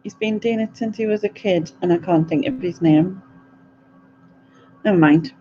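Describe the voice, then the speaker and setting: A woman's voice: lowish voice, normal speed, dark tone, highs cut off, a little hiss or hum. A middle-aged woman, chatting and giggling through a casual live question-and-answer stream.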